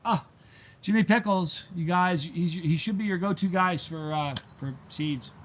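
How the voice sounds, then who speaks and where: A middle-aged host reads the live chat on his channel's stream, speaking at a moderate pace in a voice on the high side. Casual with viewers, he easily gets sidetracked into rambling stories, and a little hiss or hum is audible.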